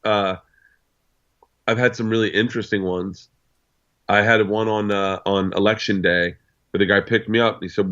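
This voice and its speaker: A man's voice: fairly low pitch, normal speed, pauses often. A man, a comedian guest, telling stories in casual chat, swearing freely and acting out both sides of conversations. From United States. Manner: profane, animated storyteller acting out dialogue. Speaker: interview guest, stand-up comedian. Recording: dull lo-fi sound.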